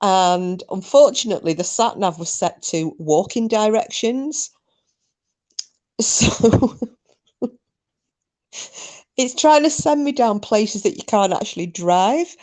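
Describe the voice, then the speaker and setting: A young woman streamer casually tells her live chat a story in a medium-pitched, darkish voice, animated yet slow, with long pauses. She laughs often, swears freely and makes fun of herself.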